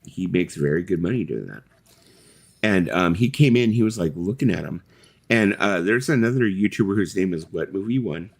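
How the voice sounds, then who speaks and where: A man's voice: low voice, expressive, moderate pace, vocal fry. A middle-aged man hosting a casual live chat, telling rambling stories full of fillers and the odd swear word. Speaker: host.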